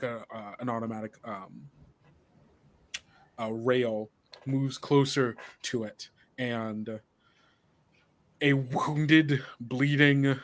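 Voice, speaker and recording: A man narrating a tabletop game as game master, halting and full of filler words. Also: medium pitch, fairly bright tone, no room sound.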